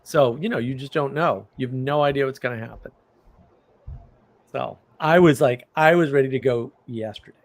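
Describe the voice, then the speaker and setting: Casual and rambling, a middle-aged man hosting a livestream tells animated stories and keeps bursting into laughter. He speaks at a moderate pace with a medium pitch.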